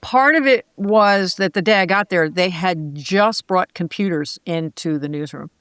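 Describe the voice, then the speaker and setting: An older woman, a former sportscaster, telling lively anecdotes as an interview guest and acting out the voices she quotes. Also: lowish voice, a little slow, clean tone, dry recording. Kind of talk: casual interview storytelling.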